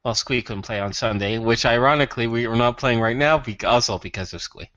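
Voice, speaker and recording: A man's voice: medium pitch, brisk, fairly bright tone, no room sound, highs cut off. A man running a tabletop role-playing game over voice chat, joking and laughing often. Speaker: game master.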